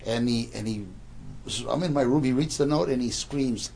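A man's voice: medium pitch, fairly quick, vocal fry, darkish tone, slight background noise. A man in his sixties casually telling a rambling anecdote, stammering and repeating words as he goes.

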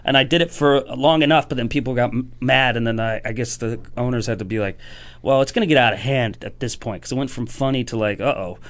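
A man's voice: mid-range voice, fast talker. A man telling comedy stories in casual chat, acting out voices and laughing often. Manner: animated storyteller acting out quotes, laughs often. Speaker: stand-up comedian guest.

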